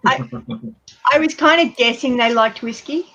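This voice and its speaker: A woman hosting a casual livestream chat, talkative and quick to laugh. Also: high-pitched, fairly bright tone, muffled recording. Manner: chatty, laughs often. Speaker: livestream host.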